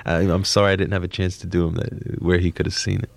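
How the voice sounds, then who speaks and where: A young comedian from New Jersey chats in an interview, tripping over restarts and spilling stories. His voice sits low with a gravelly edge. The recording is dry and close. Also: quick pace, no room sound. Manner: rambling, excitable, lots of laughs and restarts. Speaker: comedian guest. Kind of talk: casual interview chat.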